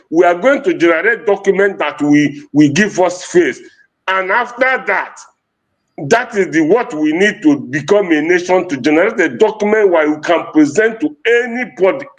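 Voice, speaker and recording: A man's voice: fairly high pitch, a bit bright. A man from Nigeria with an Igbo-accented English, giving an impassioned political speech and switching between Igbo and English. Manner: fervent, mixes Igbo and English, repeats phrases. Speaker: activist speaker.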